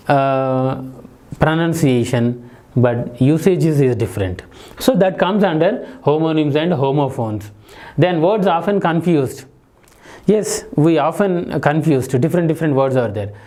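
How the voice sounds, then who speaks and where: A man's voice: a little high, dark tone. A man giving an explanatory lecture, spelling words out letter by letter. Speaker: teacher. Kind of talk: lecture on English phonetics.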